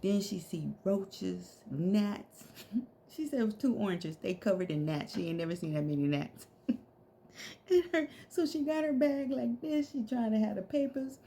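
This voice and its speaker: A woman's voice: medium pitch, animated, moderate pace, gravelly, warm tone, slight background noise. A middle-aged woman telling a story to her viewers in a casual, slangy way, laughing often.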